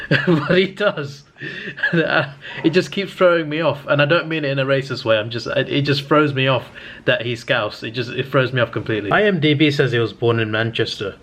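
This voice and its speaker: A man talks loosely through his thoughts on a film. His voice sits at a middle pitch, and he keeps doubling back, restarting phrases and filling gaps as he goes. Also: fairly bright tone. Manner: rambling, with frequent fillers and restarts. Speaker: movie reviewer. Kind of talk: casual movie reaction chat.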